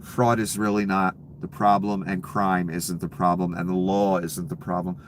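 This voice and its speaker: Sarcastic and heated, a man with a low-sitting voice rants about politics with frequent swearing. Despite the anger, his tone stays level at a moderate pace, over slight background noise.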